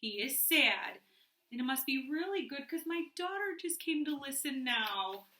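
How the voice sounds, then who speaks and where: A woman teacher reads a picture book aloud to young children from home, warm and encouraging. Her voice is high and bright and unhurried. The room gives a noticeable echo. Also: lively intonation.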